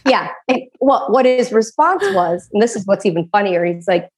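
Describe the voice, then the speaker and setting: A woman's voice: medium pitch, big pitch swings, moderate pace, few pauses, slightly rough. A woman co-hosting a podcast, telling a story in casual chat, acting out quoted voices. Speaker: podcast co-host.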